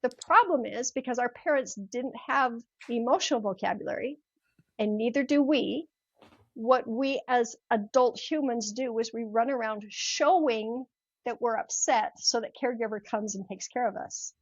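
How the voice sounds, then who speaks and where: Older woman, storytelling guest, high voice, dry close sound. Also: moderate pace, husky, no room sound, highs cut off. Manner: animated, acts out voices in her stories. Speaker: podcast guest, mindset coach. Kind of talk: storytelling in an interview.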